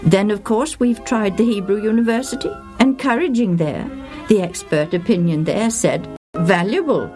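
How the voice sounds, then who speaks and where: Casting: woman as an older bishop, emphatic, indignant, animated. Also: mid-range voice, normal speed, soft background music, close to an everyday voice. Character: excitable older male church bishop.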